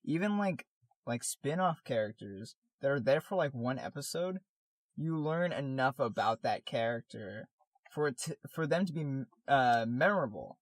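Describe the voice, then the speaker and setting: A man's voice: medium pitch, animated, normal speed, dry recording. Rambling male podcast host. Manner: rambling, many fillers and restarts. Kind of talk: casual chat.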